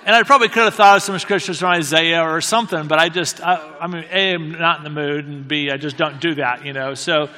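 A man telling a story in a halting, self-deprecating way, with many restarts. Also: a little high, steady tone, bright, forceful tone, in a large hall. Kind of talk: anecdotal storytelling talk.

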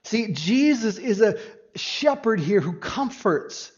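A man preaching a sermon, earnest and expressive, swinging from hushed, quiet passages to emphatic ones. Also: high voice, slow, muffled recording. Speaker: pastor.

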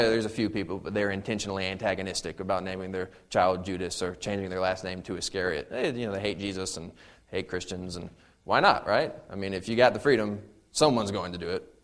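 A man preaching a sermon, reading scripture aloud with dramatic emphasis and breaking into conversational, humorous asides. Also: fairly low pitch. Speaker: pastor.

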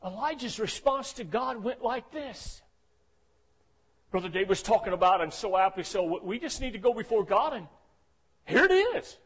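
A man preaching with a high-pitched voice. He swings from hushed, low stretches to loud, shouted climaxes, calling "Amen?" to the congregation. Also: normal speed, husky. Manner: calls for "Amen?" responses. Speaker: pastor. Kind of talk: sermon.

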